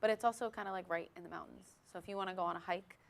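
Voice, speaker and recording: A woman's voice: on the low side, fairly even intonation, rapid-fire, creaky. A woman from the Hudson Valley in New York, co-hosting a trivia game and chatting easily, with many "like" and "um.". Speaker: trivia co-host. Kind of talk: casual chat while co-hosting trivia.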